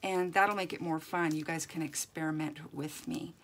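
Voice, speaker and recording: A woman's voice: sits low, fairly even intonation, moderate pace. A woman giving a chatty, encouraging crafting tutorial as a doll artist, thinking aloud as she works.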